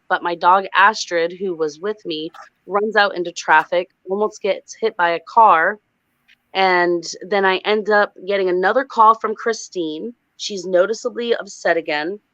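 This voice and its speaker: A woman recounting a frightening dream as a guest on a livestream, animated and breathless. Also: medium pitch, moderate pace, no echo. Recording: dull lo-fi sound.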